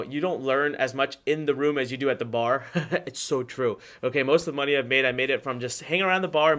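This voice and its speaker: A man's voice: mid-range voice, sharp tone. A man in his thirties, an online marketing instructor, telling a story and teaching in a chatty live workshop, often checking in with "okay?" and "you know".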